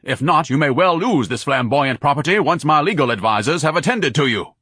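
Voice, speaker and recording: A man reading an audiobook and voicing a pompous, oversized man who speaks loud, grandiose oratory. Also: a little high, expressive, a little fast, slightly rough, no room sound, clean studio sound, pitched above the performer's own voice, exaggerated voice. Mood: indignant. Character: pompous huge blustering man, grandiloquent and indignant.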